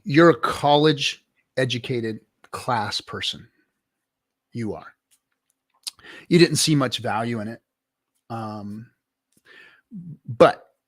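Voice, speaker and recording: A man's voice: medium pitch, extremely slow, long pauses, fairly bright tone. Emphatic man making his point. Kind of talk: casual debate chat.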